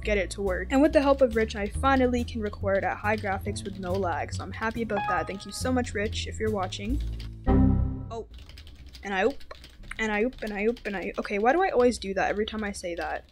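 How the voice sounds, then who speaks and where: A woman giving casual, very talkative gameplay commentary, turning excitable and repeating words when the game gets tense. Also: mid-range voice, brisk. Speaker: gaming video host. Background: game background music.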